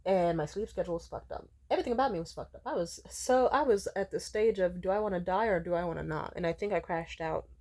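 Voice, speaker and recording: A young woman vlogging a candid personal update, rambling with lots of fillers and swearing, jumping from loud outbursts to hushed asides. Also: on the low side, quick pace, hardly any pauses. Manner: swings between loud outbursts and hushed, near-whispered asides.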